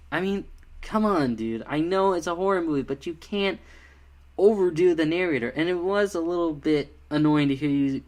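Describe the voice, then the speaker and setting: A man's voice: on the high side, moderate pace, darkish tone. A man giving a casual spoken review of a fan film, rambling and critical with many fillers.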